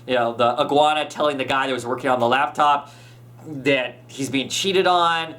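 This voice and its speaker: A man's voice: mid-range voice, normal speed, pushed and bright. A man hosting a podcast, chatting casually as he recaps a comic, full of fillers and restarts. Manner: rambling, many fillers and restarts. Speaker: podcast host.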